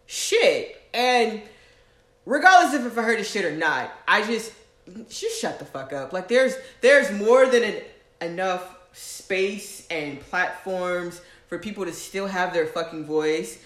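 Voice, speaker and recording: A mid-pitched podcast co-host vents in casual chat, exasperated and swearing often. The voice sounds roomy and echoey, recorded in a home apartment. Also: animated, a little slow, a bit bright. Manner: profane, exasperated, laughs between points. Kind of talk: casual chat, ranting commentary. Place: own apartment. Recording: roomy echo.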